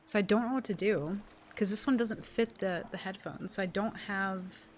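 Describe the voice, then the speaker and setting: Casual woman streamer at a home desk, mid-pitched, rambling, frustrated, foul-mouthed. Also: moderate pace, a little hiss or hum. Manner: exasperated, rambling, swears a lot. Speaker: live streamer. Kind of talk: casual live-stream chat. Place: home room at her desk.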